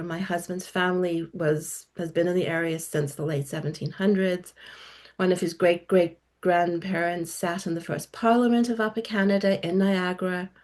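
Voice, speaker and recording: A woman's voice: lowish voice, a little mellow. A middle-aged woman guest author talking about her work in a podcast interview, articulate and enthusiastic. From South Africa.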